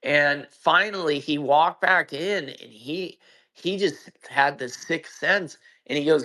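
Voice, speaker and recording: Slow, bright-voiced man telling a story. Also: on the high side. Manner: profane and emphatic, with frequent restarts. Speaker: guest. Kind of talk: casual storytelling in a live audio chat. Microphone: own mic on a social audio call.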